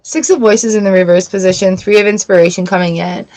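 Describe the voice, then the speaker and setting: A woman's voice: medium pitch, fairly even intonation, quick pace, a little mellow. A woman from Canada giving a live-streamed tarot reading, chatty and affirming, greeting viewers by name as she talks. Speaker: tarot reader.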